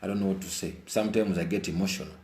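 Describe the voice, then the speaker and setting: A young Ugandan man, a musician, giving an emotional monologue to the camera in a Ugandan accent, repeating his phrases over and over and swinging between low murmurs and heated outbursts. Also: very fast, a little mellow. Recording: roomy echo.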